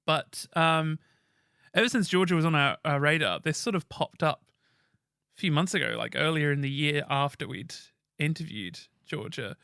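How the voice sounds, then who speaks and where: A man co-hosts a chatty podcast, his voice pitched a little high and strikingly bright. He rambles excitedly and swears now and then. The sound is dry and close. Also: moderate pace, gravelly, smooth, no echo. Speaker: podcast co-host. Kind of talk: casual chat.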